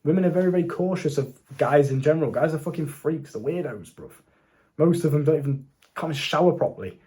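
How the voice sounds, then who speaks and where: A man's voice: fairly high pitch, fairly quick, a little mellow. A young man giving casual, unscripted dating advice, brash and swearing, talking straight to the viewer. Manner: brash and profane, swaggering slang, talks straight to viewer. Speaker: dating coach.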